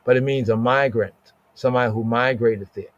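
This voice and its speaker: A man's voice: mid-range voice, steady tone, fairly quick, no room sound. A man teaching a casual Bible word study, reading Hebrew words aloud and checking in with "right?" again and again. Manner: repeats words, asks "right?" often, reads Hebrew aloud. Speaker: podcast teacher. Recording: dull lo-fi sound, dry.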